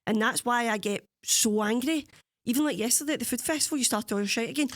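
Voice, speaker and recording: A Scottish woman co-hosting a casual podcast with a fairly high voice. She tells stories in an animated way, swearing freely and mimicking the people she talks about. The sound is close and dry. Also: fast talker, no room sound. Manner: animated storytelling, swears freely, imitates others. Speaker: podcast co-host. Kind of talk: casual chat.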